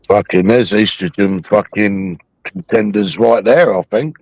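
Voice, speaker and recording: Guy on a live stream, low voice, swears nonstop, mocking, dry close sound. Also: a little slow, a little mellow, no room sound. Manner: mocking, aggressive, swears constantly. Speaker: livestream host. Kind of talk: profane, taunting livestream rant.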